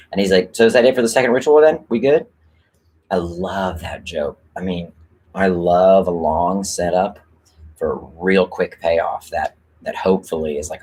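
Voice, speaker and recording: Sitting low, this man's slightly rough, somewhat mellow voice carries a casual livestream chat. He rambles openly about rewriting a script, leaning on lots of fillers and swearing casually.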